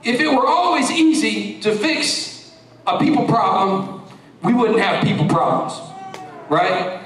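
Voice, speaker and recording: A man preaches with an animated, joking delivery. His voice sits very high for a man. The recording is distant and soaked in the echo of a large church. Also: a little slow, a little hiss or hum. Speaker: pastor. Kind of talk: sermon. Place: church sanctuary. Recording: echoey church recorded from afar.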